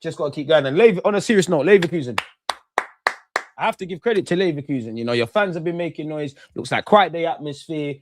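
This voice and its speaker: A young man hosting a football watchalong, talking in animated, slangy, ranting bursts that settle into calmer match analysis. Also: a little high, fast talker, background noise. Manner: animated, slangy, rants then calms. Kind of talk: casual post-match reaction.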